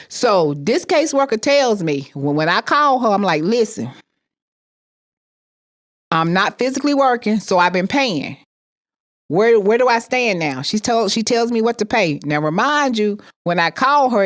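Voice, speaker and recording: A woman telling a personal story with emphatic repetition, acting out the people she quotes. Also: medium pitch. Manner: emphatic, repeats phrases, acts out quoted voices.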